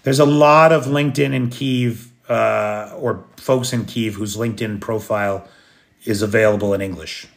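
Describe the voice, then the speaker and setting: A man's voice: lowish voice, steady tone, normal speed, vocal fry. An American man hosting a late-night livestream, chatting casually and answering viewer comments in a rambling way. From United States. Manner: rambling, chatty, restarts and fillers. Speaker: livestream host. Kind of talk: casual live chat reading comments. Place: living in Kyiv, recording at home at night.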